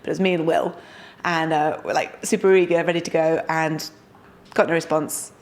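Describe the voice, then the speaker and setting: A young woman from the United Kingdom, a startup founder talking enthusiastically as an interview guest. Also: low-pitched. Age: young adult. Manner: energetic, enthusiastic, quick asides. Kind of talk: casual interview talk.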